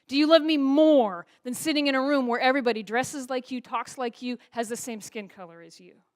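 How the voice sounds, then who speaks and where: A woman's voice: fairly high pitch, brisk. A woman pastor preaching a sermon in a church, asking the congregation rhetorical questions. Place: church sanctuary.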